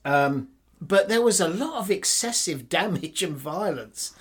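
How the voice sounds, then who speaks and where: A man's voice: sits high, animated, a little slow, breathy edge. A man co-hosting a casual film-review chat, who explains the plot in detail. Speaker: podcast co-host reviewing films.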